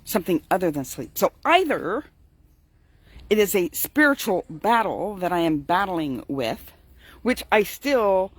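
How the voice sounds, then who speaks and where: A woman's voice: fairly low pitch, dry recording. An older woman, a grandmother, talking casually and tiredly in her morning vlog, chatty and digressive, often breaking into laughter. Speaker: vlogger.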